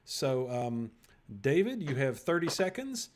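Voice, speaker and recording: A man hosting an online improv show over a video call, briskly directing the players. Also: medium pitch, very animated, noisy background. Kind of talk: hosting a virtual improv game.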